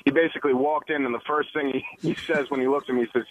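A man's voice: mid-range voice, steady tone, very fast, slight background noise. A man calling in to a radio show, telling a story matter-of-factly. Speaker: caller. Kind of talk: phone-in story. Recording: tinny phone line.

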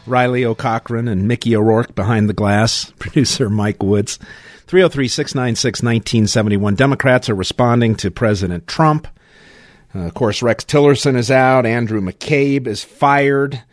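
A man hosting a political talk radio show, brisk and opinionated, taking calls and reading the news. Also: mid-range voice, no room sound, clean studio sound. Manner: brisk, opinionated, laughs often. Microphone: studio mic.

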